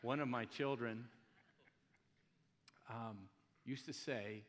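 A man preaching a conversational sermon at a middle pitch, full of asides and rhetorical questions. His voice rings out with a long reverb tail from a large church hall. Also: slow pace, a bit bright. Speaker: pastor.

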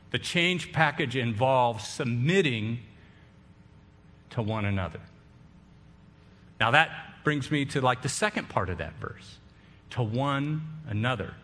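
A man's voice: mid-range voice, fairly bright tone. A man giving a sermon as a pastor, talking conversationally, throwing questions and asides to the congregation. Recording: reverberant hall.

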